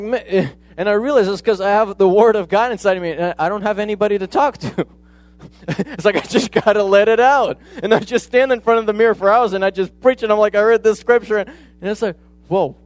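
A man's voice: sits high, brisk. A man preaching a sermon in a conversational way, often retelling conversations as quoted dialogue.

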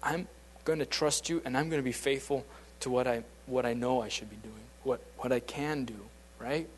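A man's voice: medium pitch, steady tone, normal speed, a little hiss or hum. A man giving an informal, conversational sermon, often restarting his sentences and acting out the voices he quotes. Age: adult, beyond his late teens. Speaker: preacher.

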